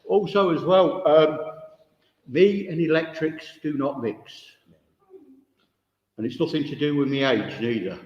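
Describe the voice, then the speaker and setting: Man, spiritualist medium, chatty and direct, fairly high voice, echoey village hall, dull sound, no mic. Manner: chatty, direct, addresses audience members. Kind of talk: mediumship demonstration. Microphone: no microphone, room recording.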